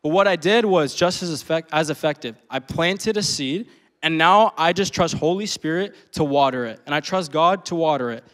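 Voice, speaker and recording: A man's voice: fairly high pitch, moderate pace, a bit bright. Young man preaching in casual slang. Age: 20s. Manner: casual storytelling with slang, laughs often. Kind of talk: sermon with personal story.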